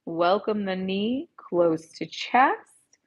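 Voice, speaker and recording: Woman yoga teacher, calm gentle cues, earpiece mic, kinda dull lo-fi sound. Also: mid-range voice, drawn-out words. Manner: gentle, calm cueing with soft encouragement. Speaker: yoga instructor. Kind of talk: guided yoga class instruction.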